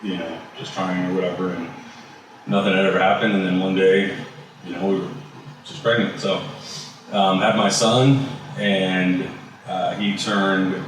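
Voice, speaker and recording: A man's voice: low voice, slight background noise. A man, a guest on an interview show, telling a personal story in a loose, casual way full of fillers and the odd swear word. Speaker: barbecue business owner, guest. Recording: very echoey room, voice far from mic.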